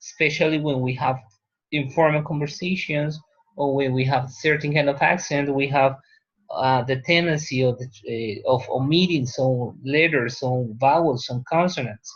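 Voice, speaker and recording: A male teacher whose first language is Spanish, lecturing a class in a classroom and often checking in with "right?". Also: medium pitch. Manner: unhurried, pauses, checks with "right?". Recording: dull lo-fi classroom recording.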